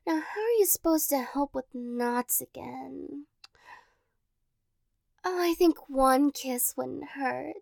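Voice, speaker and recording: A high, unhurried voice of a teasing girlfriend, played by a young woman. She is clingy and playfully dramatic, with a slight vocal fry, close to the mic in a dry, quiet room. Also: no echo, exaggerated voice. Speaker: role-play performer. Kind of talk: girlfriend role-play audio.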